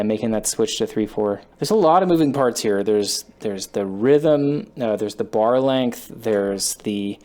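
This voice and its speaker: A man's voice: on the low side, darkish tone. A man thinking aloud while he learns a guitar part, rambling and poking fun at himself as he plays. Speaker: guitarist learning a song on camera. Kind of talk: casual self-taught guitar lesson. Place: home studio with a loud computer. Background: his own guitar playing.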